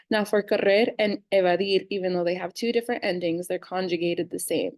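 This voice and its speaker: A young woman in her twenties teaching a casual grammar lesson, reading verb forms slowly and clearly. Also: lowish voice, a little mellow, dry recording. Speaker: Spanish teacher.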